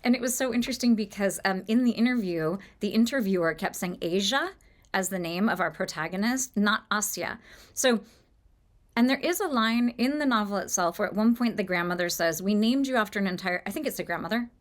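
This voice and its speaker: A woman's voice: medium pitch, fairly quick. Musing woman discussing a novel. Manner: thoughtful, musing, many fillers and restarts. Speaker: book podcast host. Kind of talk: casual book discussion monologue.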